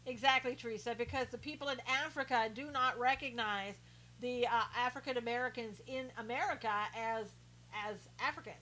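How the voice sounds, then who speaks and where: A woman's voice: fairly high pitch, normal speed, pushed and bright, slight background noise, low-quality recording. A woman hosting a live stream, chatting casually and sarcastically as she reads out viewer comments, often laughing.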